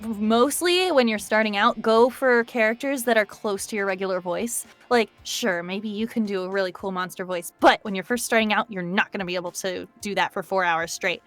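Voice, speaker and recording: A woman voice actress chatting casually on a live stream, laughing often and getting animated as she talks about voice work. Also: moderate pace, hardly any pauses, soft background music. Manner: laughs often, animated when describing pitch. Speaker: voice actress guest. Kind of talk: casual chat.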